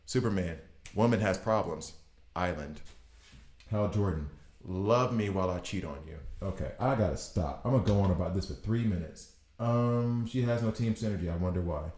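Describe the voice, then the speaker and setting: A man in his thirties talks through a game in casual commentary. He riffs in an animated, exasperated way, and his fairly low voice carries a roomy echo. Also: moderate pace. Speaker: gaming video host.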